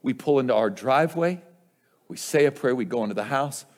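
A man's voice: medium pitch, lively intonation, fairly quick. A male pastor preaching a sermon with an impassioned, building cadence.

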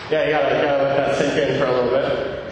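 A man's voice: mid-range voice, little pitch movement, quick pace, a little hiss or hum. A male pastor preaching a sermon in a church, putting questions to the congregation and joking at his own expense. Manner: questions the congregation directly, self-deprecating humor. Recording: echoey church hall, miked from far off.

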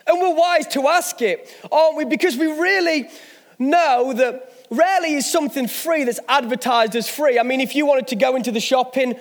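A man's voice: very high voice, normal speed, big-room sound. A man, a pastor, preaching a sermon, telling stories with self-mocking humor. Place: church hall.

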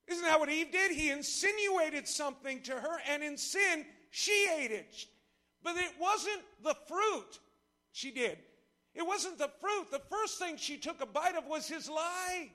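High, bright-voiced preacher. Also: male voice, animated, measured pace. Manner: impassioned, rising to shouts, then dropping low; rhetorical and playful with the congregation. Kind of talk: sermon. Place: church service before a congregation.

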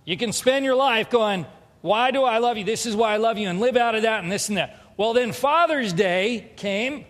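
A man's voice: high-pitched, normal speed, a bit bright. A pastor giving a humorous, confessional sermon, acting out bits of dialogue as he tells a personal story. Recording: long hall reverb.

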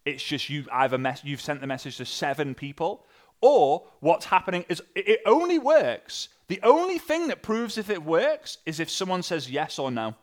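A man coaching an online audience on sales messaging, energetic and animated, acting out sample messages. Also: moderate pace. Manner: energetic, with big jumps in pitch and loudness; acts out sample messages in different voices. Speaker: sales and network marketing coach.

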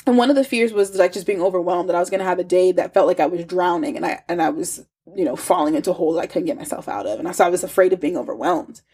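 A woman's voice: fairly low pitch, rapid-fire, few pauses, darkish tone, slightly rough. A woman giving a casual, emphatic devotional teaching with chatty asides, her nose stuffy and congested. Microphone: phone.

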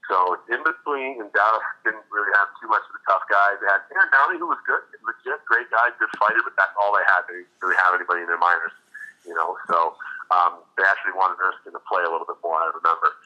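A man's voice: deep voice, fast talker, highs cut off. A man, a retired hockey enforcer, telling profane stories as a podcast guest. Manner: profane, animated anecdotes with acted quotes. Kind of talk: casual storytelling interview.

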